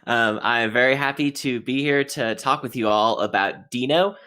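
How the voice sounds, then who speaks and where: A man giving a casual technical presentation, chatty and relaxed with frequent "um"s. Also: mid-range voice, moderate pace, clear, resonant tone. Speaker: conference speaker.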